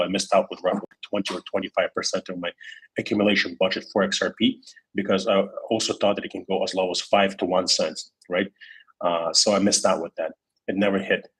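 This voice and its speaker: A man's voice: deep voice, a bit bright, husky, low-quality recording. A man hosting a casual livestream, rambling with many fillers and restarts while he reads out chat comments. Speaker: crypto livestream host.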